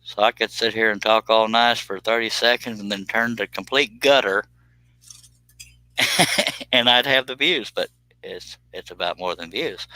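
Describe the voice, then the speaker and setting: A man's voice: lowish voice, a little slow, bright, forceful tone, rough recording. A man hosting a casual live stream, chatting in a folksy, joking way while he cuts on a scroll saw in his workshop. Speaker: livestream host.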